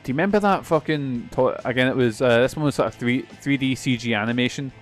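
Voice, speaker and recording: A young man streams a video game, delivering casual, self-mocking let's-play chatter full of rambling and frequent swearing. His mid-range voice moves at a quick pace, with faint music behind him.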